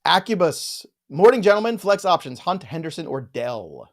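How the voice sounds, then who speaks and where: A man with a rather high, very animated voice hosts a live fantasy football show. He banters with his co-host and reads out viewer questions in a lively way. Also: normal speed, creaky. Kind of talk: live sports chat show.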